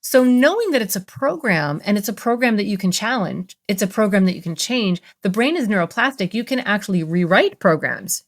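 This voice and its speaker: A woman therapist, a guest on a podcast, explaining ideas in an animated way and acting out inner voices with playful jumps in pitch. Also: a little fast, hardly any pauses. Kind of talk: conversational podcast interview.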